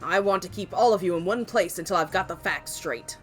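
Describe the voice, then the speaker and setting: A woman voicing a gruff male senior detective in a video game, giving blunt commands. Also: lowish voice, fairly quick, faint music behind, close to an everyday voice. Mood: commanding. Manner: commanding, barking orders.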